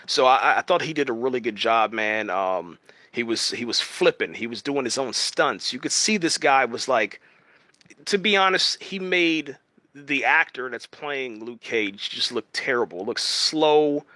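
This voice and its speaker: A man's voice: mid-range voice, animated, normal speed, pushed and bright, no echo. A man giving casual, rambling commentary on a TV series, full of fillers and restarts, tagging sentences with "man". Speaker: video host reviewing a TV series. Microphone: home streaming setup.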